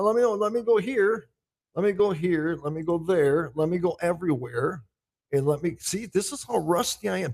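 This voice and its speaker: Gravelly-voiced man host, loose and profane. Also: on the high side. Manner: loose, profane, talks to himself while setting up. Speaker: podcast host. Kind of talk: casual pre-show chat. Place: big echoey room. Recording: echoey live room.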